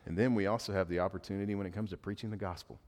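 A man's voice: low-pitched, fairly even intonation, rapid-fire, a little mellow. Conversational male preacher in a reverberant hall. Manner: conversational preaching, quotes imagined speech. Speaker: pastor. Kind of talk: sermon.

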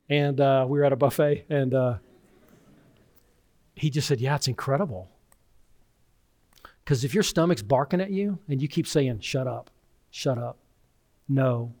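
A man preaching a sermon, talking conversationally and telling personal stories, swinging from loud emphasis to hushed tones. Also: on the high side. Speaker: pastor.

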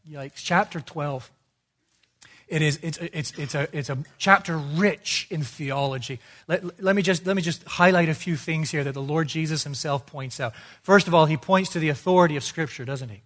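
A man preaching an expository sermon, emphatic, asking rhetorical questions and swinging between quiet and loud delivery. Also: fairly high pitch.

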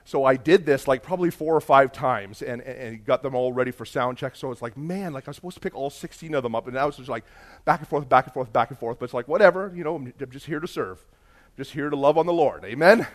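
A man preaching a sermon, telling a story and rising into loud emphatic bursts. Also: medium pitch, fast talker. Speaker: pastor.

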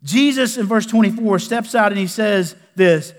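A male pastor preaching a sermon in a folksy way, dropping to a hush and rising to loud bursts. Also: sits high, moderate pace. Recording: echoey hall with long reverb.

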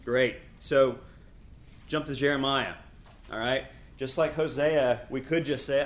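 Here a middle-aged man leads a Bible lesson, his voice sitting at a medium pitch. His scripture reading is lively and forceful, broken up by brief asides.

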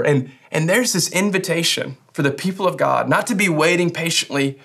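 A man's voice: a little high, moderate pace, gravelly, hardly any pauses, fairly bright tone. A young man preaching a sermon in a casual, joking way, often restarting his phrases. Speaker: pastor.

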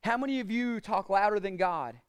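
A man preaching a sermon as pastor, asking the congregation questions and swinging between loud declarations and quiet asides. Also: high-pitched, lively intonation, normal speed, smooth. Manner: preaching with rhetorical questions and call-outs to the congregation.

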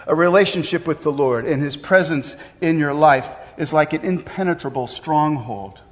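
A middle-aged man preaching an earnest sermon as a pastor, pausing and talking to his congregation with small asides. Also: on the high side. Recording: long hall reverb.

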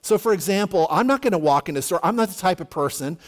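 A man's voice: high-pitched, lively intonation, fast. A pastor preaching a conversational sermon to his congregation, often saying "you know" and restarting his sentences. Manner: casual, repeats words and restarts, says "you know" often.

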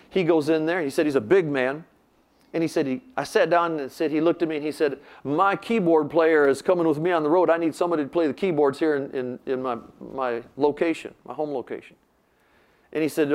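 A man's voice: on the high side, a little fast. An older man preaching, telling a story animatedly and acting out the voices he quotes. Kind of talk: sermon storytelling.

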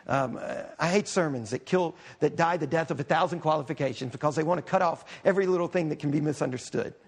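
A middle-aged man, a pastor, preaching a conversational, humorous sermon with quick asides. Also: fairly high pitch, breathy edge.

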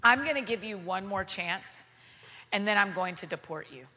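A woman putting on the voice of a stern, unsmiling male passport officer who speaks in flat, curt sentences. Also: high voice, brisk, gravelly, voice pushed down, exaggerated voice. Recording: long reverb of a large hall.

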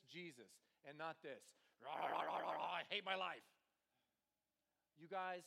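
A man preaching an energetic sermon to a live audience, animated and full of dramatic asides. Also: sits high. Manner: animated, jumps between voices for quotes.

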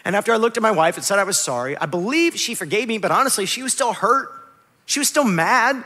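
A man in his thirties preaching a sermon as a pastor, lively and emphatic, dropping to soft, quiet asides. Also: extremely high pitch, fairly quick, in a large hall.

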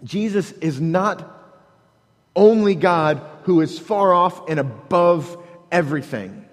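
A male pastor preaches in a high, expressive voice, earnest and halting, often repeating words as he starts over and breaking into dramatic quoted prayers. The sound carries the feel of a large hall.

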